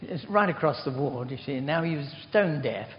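A man's voice: on the high side, lively intonation, fairly quick. An older man giving an informal sermon, chatty and rambling, telling self-deprecating stories. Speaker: preacher. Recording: dull recording in a reverberant hall.

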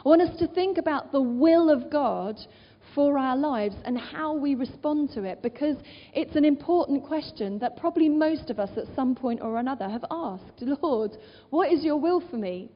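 A woman's voice: sits high, lively intonation, normal speed. A woman preaching a sermon, earnest and fond of rhetorical questions, quoting scripture aloud. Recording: dull, muffled sound with long reverb of a large hall.

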